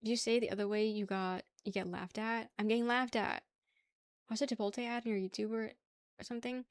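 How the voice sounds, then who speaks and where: A woman's voice: fairly high pitch, fairly even intonation, a little fast, clear, resonant tone. A woman chatting casually with her live-stream chat, laughing often and arguing playfully. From New York.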